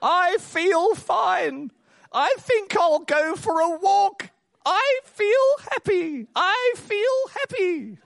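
A man putting on the voice of a frail old man, high and strained, insisting he is not dead. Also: expressive, extremely slow, vocal fry, fairly bright tone, no echo, clean studio sound, heavily acted. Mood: chirpy.

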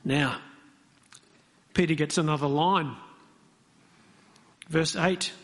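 A man's voice: fairly high pitch, takes it slowly, a bit bright. A man preaching a sermon, talking conversationally and putting questions to the congregation. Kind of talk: interactive sermon. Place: church hall. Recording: long hall reverb.

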